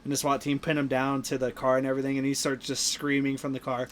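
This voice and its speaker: A man's voice: medium pitch, completely flat delivery, quick pace, a little hiss or hum. A young man co-hosting a casual movie podcast, retelling scenes at length with lots of "like". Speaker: podcast co-host. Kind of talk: casual movie review chat.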